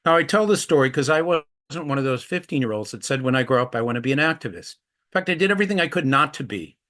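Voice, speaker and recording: A man's voice: mid-range voice, expressive, quick pace, a bit bright. Earnest middle-aged man telling stories. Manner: earnest, acts out quoted voices in anecdotes. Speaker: anti-trafficking activist speaker. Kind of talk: storytelling presentation.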